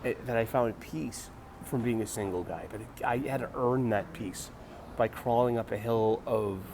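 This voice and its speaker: A man's voice: mid-range voice, normal speed, background noise. A man hosting a casual morning monologue, rambling and wry, sighing and restarting his sentences. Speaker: host of a morning video show.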